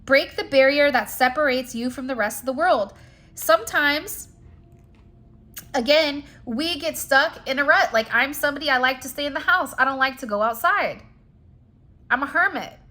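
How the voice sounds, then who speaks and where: A woman who reads spiritual cards talks straight to her viewers in a high, bright voice, animated and at a moderate pace. Her manner is chatty and emphatic, full of "like" and "you know," and she stays conversational and encouraging the whole way.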